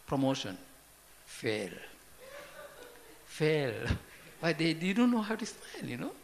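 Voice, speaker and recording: A man giving an informal Buddhist talk, halting and repetitive, often asking his listeners questions. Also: fairly high pitch, gravelly. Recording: long hall reverb, faint background noise.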